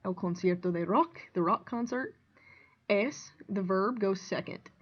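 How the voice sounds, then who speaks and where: A woman Spanish teacher explaining grammar in a clear, deliberate way, reading out example sentences and translating them. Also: mid-range voice, muffled recording. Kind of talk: recorded classroom lesson.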